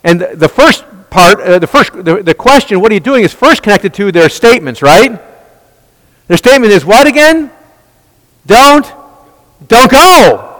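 Male Bible teacher with a very high, animated voice, fond of rhetorical questions and quick restarts. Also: big-room sound, poor audio. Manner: rhetorical questions, answered at once; frequent restarts and repeated words.

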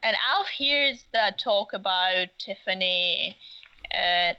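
A woman on a podcast, recapping a plot slowly and haltingly with many uhs. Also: mid-range voice, animated, pushed and bright, clean tone. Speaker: podcast co-host recapping the episode. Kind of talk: casual chat. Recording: dull lo-fi sound.

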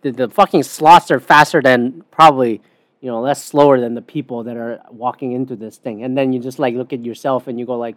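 A man's voice: medium pitch, animated, normal speed, a bit bright, dry recording. A man hosting a podcast, rambling through a sarcastic, profanity-laced casual monologue. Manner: rambling, sarcastic, swears a lot. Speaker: podcast host.

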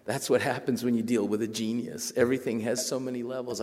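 A man giving a storytelling talk, animated and self-deprecating, jumping up in pitch when he quotes people. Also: fast. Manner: animated, jumps to high excited pitch for quoted voices. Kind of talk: storytelling lecture. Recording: long reverb of a hall.

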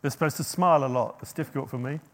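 A man preaching a sermon, rising to loud, emphatic quoted passages and dropping to quiet asides. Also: mid-range voice, racing.

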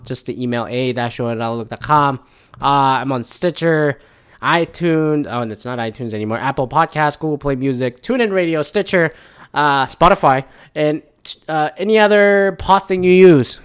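A man's voice: mid-range voice, smooth. A man talks alone into his podcast mic in a loose, rambling monologue. He swears freely and restarts his sentences often. He keeps breaking off into exasperated rhetorical questions. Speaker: podcast host. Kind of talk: casual solo podcast monologue.

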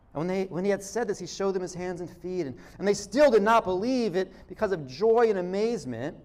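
A man preaching a sermon in a relaxed, conversational way, restarting phrases and acting out quotes. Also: sits high, brisk, hardly any pauses. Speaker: pastor.

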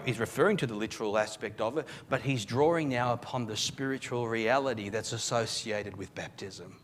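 The pastor's voice is fairly high-pitched and a bit bright. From Australia, he gives a live church sermon, reading scripture aloud and explaining it while at times repeating words when starting a sentence.

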